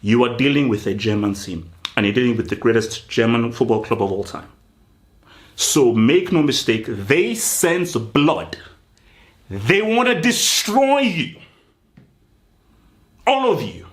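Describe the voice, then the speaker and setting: A man hosts a football show and rants through a mock team talk, speaking straight to the players. His pitch swings wildly as he stretches words out for emphasis. His voice sits a little higher than most men's. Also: sing-song, measured pace, pauses often. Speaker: football channel host. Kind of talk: comedic football pep-talk rant.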